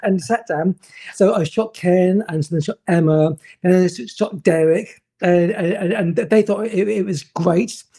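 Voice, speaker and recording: Man, 50s, storyteller; mellow, husky, tumbles over repeated words. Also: high voice, unhurried. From England. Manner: animated, stumbles and repeats words, acts out voices. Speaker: guest photographer. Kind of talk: anecdotal storytelling.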